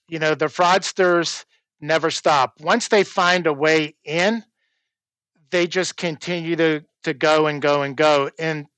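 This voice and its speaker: A male guest explains fraud in an earnest, explanatory way, with a slightly higher voice than most men. The sound is dry and close. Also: fairly bright tone, clean tone, dry recording, low-quality recording. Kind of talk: interview answers.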